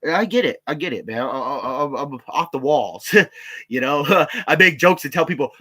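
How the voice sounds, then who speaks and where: A man's voice: fairly high pitch, lively intonation, moderate pace, pushed and bright, husky. A middle-aged man from the United States, an army veteran, telling stories in a rambling, profane way and often stammering and laughing. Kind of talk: casual rambling monologue.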